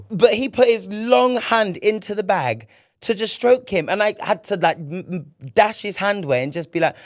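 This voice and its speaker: A young man hosting a solo podcast, telling a story in an animated, profane way. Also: high-pitched, moderate pace. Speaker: podcast host.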